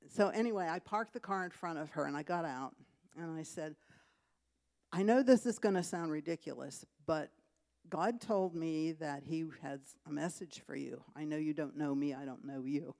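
A woman telling two testimonies to her church, chatty and lively, with laughs and fillers as she tells the story. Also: low voice, moderate pace. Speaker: church member giving testimony.

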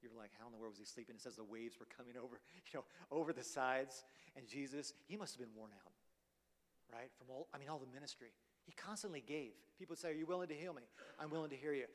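A man's voice: medium pitch, quick pace. A man preaching a sermon in a conversational way, often checking in with "right?", his voice carried by the long reverb of a large church hall.

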